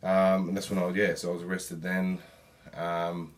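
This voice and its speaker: A man's voice: low-pitched, monotone, normal speed. A young man talking as a podcast guest in casual chat, hesitant with many ums and restarts.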